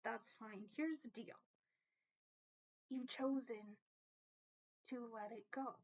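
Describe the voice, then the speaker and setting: A woman's voice: a little high, fairly even intonation, takes it slowly, lo-fi sound. A woman giving a casual tarot reading to her viewers, earnest and emotional, often checking in with "okay?" and swearing casually. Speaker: tarot reader.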